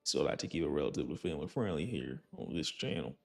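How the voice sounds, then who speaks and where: A man's voice: a bass voice, lively intonation, rapid-fire, creaky, faint music behind. A young man casually commenting on his gameplay, rambling and joking, sometimes slipping into a put-on folksy accent. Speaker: gaming channel host.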